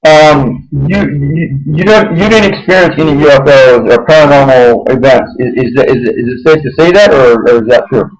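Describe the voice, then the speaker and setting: A man hosting an interview who asks questions in a halting way, stumbling over repeated words. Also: mid-range voice, rough recording. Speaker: host. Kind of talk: interview conversation.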